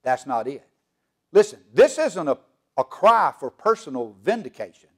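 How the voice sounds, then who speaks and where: Man, pastor, high voice, fiery sermon, rhetorical questions to the congregation. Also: big pitch swings, moderate pace. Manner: preaching with swelling emphasis and call-and-response questions. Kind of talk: fiery Southern Baptist sermon. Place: church sanctuary.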